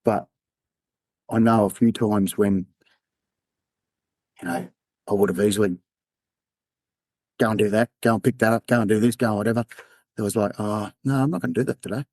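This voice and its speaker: Brief: Australian man as a podcast guest, low-pitched, halting candid storytelling, dry close mic. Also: flat delivery, a little mellow, no room sound. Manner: candid, halting, acts out quoted dialogue. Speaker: podcast guest, former undercover police officer. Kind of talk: personal storytelling in an interview.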